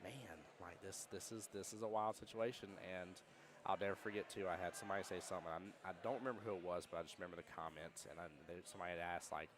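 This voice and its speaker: A man's voice: low-pitched, steady tone, quick pace. A man commentating a pool match with a co-host in a pool hall, telling stories casually with many restarts. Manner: rambling storyteller, many restarts.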